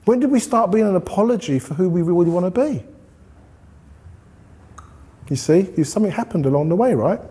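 A man's voice: sits high, lively intonation, brisk, long pauses, mellow. A man speaking at a group meeting, giving a conversational motivational talk and asking the audience questions. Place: meeting room.

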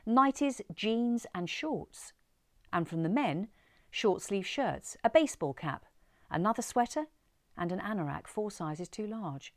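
A woman reading a story aloud in an expressive, measured way. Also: lowish voice, dry recording, studio quality.

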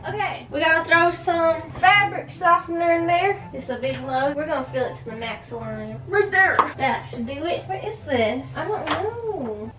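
High-voiced chatty young woman. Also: normal speed, roomy sound, heavy background noise. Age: 20s. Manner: chatty, playful, excitable. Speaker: vlogger. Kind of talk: casual vlog chat.

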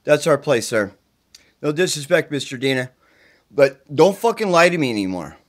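A man's voice: fairly high pitch, big pitch swings, normal speed. A middle-aged man, sick with the flu and tired, making a rambling, profane plea straight to camera from his mother's home. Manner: profane, pleading, agitated. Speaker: self-recording video poster.

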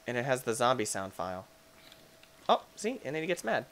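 A man narrating his own gameplay as a mod reviewer, with a bright voice that swings all over the place. He chats to the game's objects, mutters to himself, then bursts into sudden jokey shouts. The tone is excitable and playful throughout. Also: mid-range voice, brisk. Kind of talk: excitable let's-play commentary.

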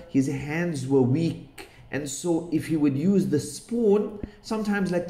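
Male children's storyteller, warm-toned, slightly high, roomy sound. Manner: gentle, asks the child questions, Islamic phrases. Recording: roomy echo.

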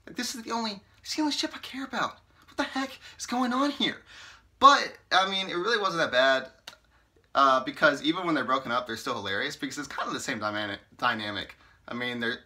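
A man's voice: medium pitch, sharp tone. A man giving a casual spoken review in a chatty, rambling way, filling his talk with "like" and "you know" and sounding playfully exasperated. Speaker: book reviewer. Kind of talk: casual vlog commentary.

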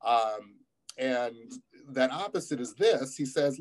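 A man's voice: mid-range voice, animated, slow, poor audio. A man preaching a guest sermon in a church, reading scripture aloud and asking the congregation questions between hesitant, filler-heavy stretches. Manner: many fillers and restarts, asks the congregation questions.

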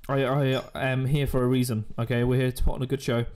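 A man's voice: medium pitch, flat delivery, fast, a little mellow, slight background noise. A man chatting casually on a live stream, joking and rambling while he eats at his desk mic. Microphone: desk microphone.

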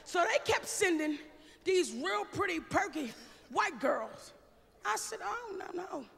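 Brash gravelly woman doing stand-up. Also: extremely high pitch, very animated, takes it slowly, faint music behind. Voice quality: brash, profane, shouts punchlines. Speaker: stand-up comedian. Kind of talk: live stand-up set. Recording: live stage show in a large hall with a loud audience.

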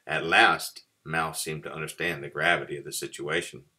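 Pastor reading a children's picture book aloud, deep voice, bright tone, unhurried, expressive. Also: male voice. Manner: expressive storytelling.

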